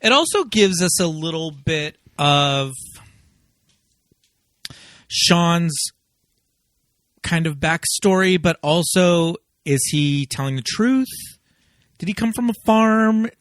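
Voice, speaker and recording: A man's voice: fairly high pitch, lively intonation, slow, long pauses, fairly bright tone, dry recording, studio quality. A man co-hosting a casual movie podcast, chatty and laughing often. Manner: chatty, acts out quoted lines, laughs often. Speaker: podcast co-host.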